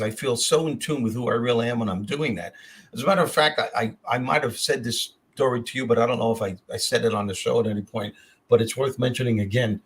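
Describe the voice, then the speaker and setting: A man's voice: medium pitch, a bit bright, breathy edge. An older man hosting a podcast, telling personal stories in a heartfelt way and often repeating his words as he goes. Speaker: podcast host. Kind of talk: casual chat, personal storytelling.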